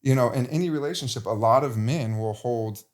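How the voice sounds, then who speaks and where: A man's voice: mid-range voice, fairly quick. A man in his forties, a podcast guest, talking candidly in a passionate, emphatic way, often restarting his sentences. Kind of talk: candid conversational interview.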